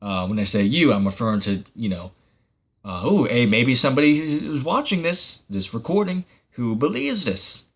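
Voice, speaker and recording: A man's voice: medium pitch, lively intonation, moderate pace, fairly bright tone. A man giving a casual online sermon, rambling with many fillers and breaking into sarcastic bursts. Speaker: preacher.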